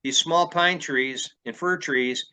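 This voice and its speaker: A man's voice: a little high, takes it slowly, bright, forceful tone, smooth, rough recording. A man, a field researcher, telling a story in casual conversation, rambling with many fillers and restarts.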